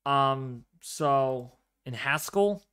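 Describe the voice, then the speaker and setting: A man hosting a live severe weather stream, commenting excitedly on radar and storms and repeating his phrases. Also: mid-range voice, very slow, clear, resonant tone. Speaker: livestream weather host.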